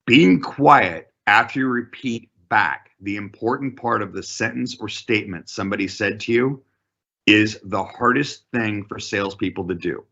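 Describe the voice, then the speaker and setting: Husky, forceful male negotiation trainer. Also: fairly low pitch, lo-fi sound. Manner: deliberate, emphatic coaching. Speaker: real estate negotiation trainer. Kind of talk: teaching a class.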